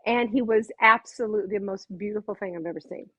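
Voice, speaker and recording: A woman with a husky, breathy voice tells a personal story from her working life, heartfelt and animated whenever she quotes someone. Her voice comes through a narrow, tinny phone-like line. The sound is dry and close, with no room around it. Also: medium pitch, fast, no room sound. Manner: heartfelt, animated when quoting others. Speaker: makeup artist guest.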